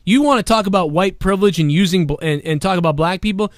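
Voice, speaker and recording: A man's voice: sits high, lively intonation, fairly quick, few pauses, no echo, clean studio sound. Profane ranting male show host. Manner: profane, ranting, swings into shouting. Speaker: podcast host. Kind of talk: ranting live-stream talk.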